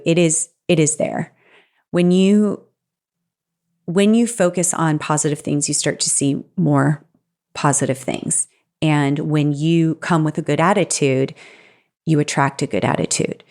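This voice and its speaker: A woman's voice: deep voice, unhurried, darkish tone. A woman hosting a solo podcast, giving earnest, encouraging advice in a conversational way. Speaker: podcast host; stepparent.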